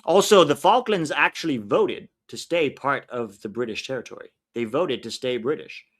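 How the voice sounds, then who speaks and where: Male stream host, casual and opinionated, reacts loudly to the play. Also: medium pitch, animated, normal speed. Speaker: livestream watch-along host. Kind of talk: casual live match commentary.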